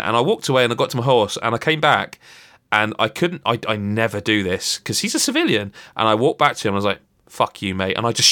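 A man's voice: fairly low pitch, sharp tone. A man in casual chat, rambling through a story with restarts and acted-out quotes. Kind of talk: casual chat about a video game.

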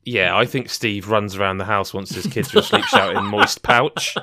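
A man's voice: fairly low pitch, expressive, brisk, pushed and bright, slight background noise. A young English man co-hosting a podcast, chatting casually and rambling with jokey asides. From England. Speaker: podcast co-host.

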